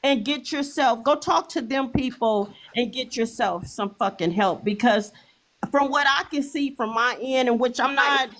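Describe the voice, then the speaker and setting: Middle-aged woman, livestream host, slightly high voice, heated profane repetitive rant. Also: normal speed, fairly bright tone.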